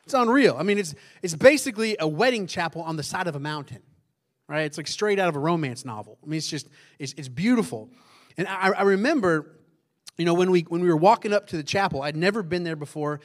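A male pastor, preaching in a loud, conversational way that keeps asking the congregation questions and drops into hushed tones for emphasis. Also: a little high, animated, quick pace. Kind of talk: conversational sermon.

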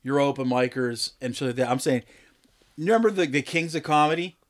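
A man's voice: mid-range voice, a little fast. A man on a podcast with friends, joking crudely, rambling and laughing often. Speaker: podcast co-host. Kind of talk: crude casual banter.

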